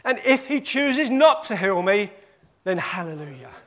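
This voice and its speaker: A man's voice: very high voice, lively intonation, unhurried. A man preaching a sermon. He repeats his points for emphasis and acts out the quoted voices.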